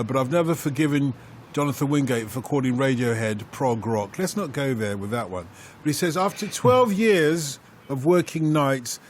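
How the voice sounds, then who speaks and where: A man's voice: fairly high pitch, a little hiss or hum. A man hosting a radio football phone-in, reading out listener emails and coaxing his pundits with teasing banter.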